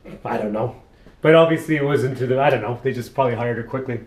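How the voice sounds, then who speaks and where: A man's voice: mid-range voice, very fast. A man working as a barber, chatting casually and rambling through stories while cutting hair. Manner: chatty storyteller, rambling and repeating phrases. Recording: echoey room.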